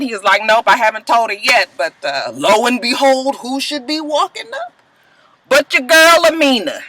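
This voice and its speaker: A woman's voice: medium pitch, pushed and bright, slight background noise, low-quality recording. A woman recapping a reality show in casual, profane, sassy commentary, laughing often. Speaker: reality TV reviewer.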